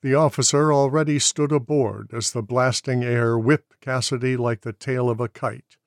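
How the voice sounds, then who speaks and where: A man reading a novel aloud in slow, measured audiobook narration. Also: mid-range voice, fairly even intonation, no echo, clean studio sound.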